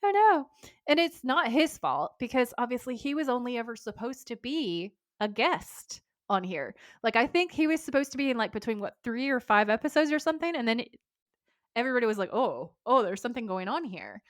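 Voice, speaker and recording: A woman's voice: fairly high pitch, animated, fairly quick, no echo, clean studio sound. A woman co-hosting a podcast in casual chat, rambling through tangents with restarts and frequent laughter. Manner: enthusiastic, laughs often. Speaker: podcast co-host.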